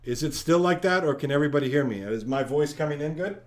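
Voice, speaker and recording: Guy running a trivia livestream, kinda high voice, reads off chat names fast and upbeat. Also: animated. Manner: upbeat, rattles off viewer locations quickly. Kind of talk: live stream chat shout-outs.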